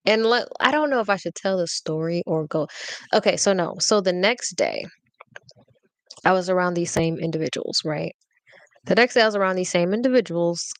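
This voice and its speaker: A woman's voice: on the low side, no echo. A woman hosting a podcast, telling a personal story in a casual, slangy way and often checking in with her listeners. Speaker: podcast host.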